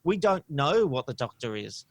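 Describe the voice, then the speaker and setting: A man co-hosting a podcast, talking in an opinionated, animated way with frequent "you know" and "um". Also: mid-range voice, moderate pace, dry recording. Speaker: podcast co-host. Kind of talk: casual podcast discussion. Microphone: studio microphone.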